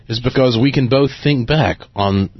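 A man hosting a late-night radio talk show in a chatty, relaxed way, laughing often, talking into a studio microphone. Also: medium pitch, moderate pace, no room sound, highs cut off.

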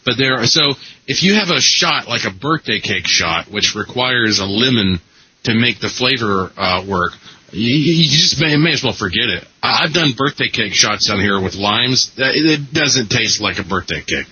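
Bright, husky-voiced male radio host. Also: mid-range voice, expressive, moderate pace. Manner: chatty, laughs, rambles with restarts. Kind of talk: casual radio chat. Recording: muffled broadcast audio.

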